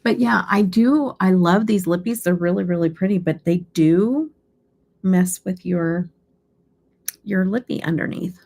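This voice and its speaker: A woman's voice: on the low side, unhurried, creaky, darkish tone. A middle-aged woman hosting a beauty live stream, chatting casually and laughing often. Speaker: beauty channel host.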